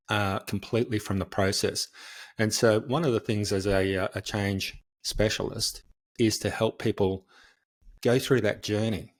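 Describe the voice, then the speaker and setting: A middle-aged man speaking as a podcast guest, answering in a conversational, storytelling way and acting out how other people react. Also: fairly low pitch. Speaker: podcast guest, change specialist.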